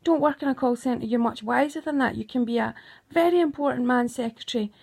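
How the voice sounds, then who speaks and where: A woman's voice: fairly high pitch, fairly quick, vocal fry, darkish tone, husky. Accusing middle-aged woman. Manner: accusing, emphatic, keeps asking "right?". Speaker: mother. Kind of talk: emotional recounting monologue.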